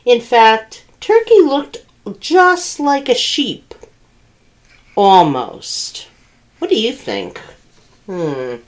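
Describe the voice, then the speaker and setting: A woman's voice: on the high side, very slow, pauses often. A woman librarian reading picture books aloud at a children's storytime, asking the children questions. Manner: animated, asks children questions.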